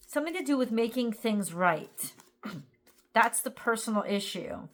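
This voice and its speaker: A woman's voice: on the high side, a little slow. A woman giving a casual tarot reading to camera. She sounds tired and rambles as she thinks aloud, with many fillers. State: tired, yawning. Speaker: tarot reader.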